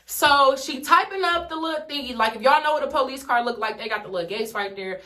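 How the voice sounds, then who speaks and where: A woman's voice: sits high, quick pace. A young woman from Detroit telling a story in a casual vlog, swearing freely and acting out everyone's lines. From Detroit, USA. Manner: animated, swears freely, acts out the dialogue. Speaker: vlogger.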